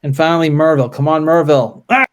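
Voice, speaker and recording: A man playing a tabletop wargame, calling out dice results and unit moves in a relaxed, deliberate way. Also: a little high. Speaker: wargame player. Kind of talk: casual play-through commentary.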